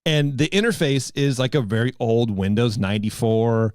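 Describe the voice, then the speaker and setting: A man's voice: medium pitch, moderate pace, darkish tone, smooth, dry recording, clean studio sound. A man in his thirties hosting a podcast, telling a rambling story in casual chat. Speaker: podcast host.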